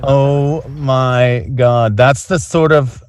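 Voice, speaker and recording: A man in a comedy double act, bantering on a live stream with sardonic, deadpan asides. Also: medium pitch, drawn-out words, noisy background.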